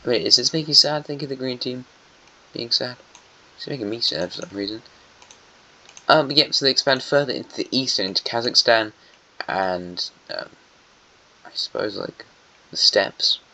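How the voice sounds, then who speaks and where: Speaking at medium pitch and a moderate pace, a man sounds expressive, bright and forceful, pausing often. He casually rambles over an alternate-history map, thinking aloud and correcting himself as he goes, recorded on a dull lo-fi mic.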